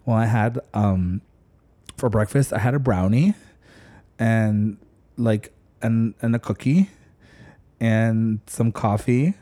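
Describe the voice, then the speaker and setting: A man's voice: fairly low pitch, slow pace, pauses often. A man in casual chat, telling stories animatedly and acting out what others said. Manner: animated storyteller, acts out quotes loudly.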